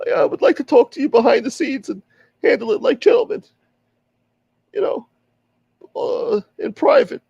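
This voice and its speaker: A squeaky, cocky tough guy. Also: wildly swooping pitch, normal speed, vocal fry, long pauses, darkish tone, no room sound, lo-fi sound, heavily acted. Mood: mock polite. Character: shrill boastful man calling himself a feared sheriff.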